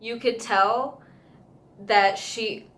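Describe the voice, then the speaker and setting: A woman vlogger telling a casual story, gushing and emotional, overwhelmed with happiness and rambling with a steady stream of fillers. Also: a little high, extremely slow, a little hiss or hum.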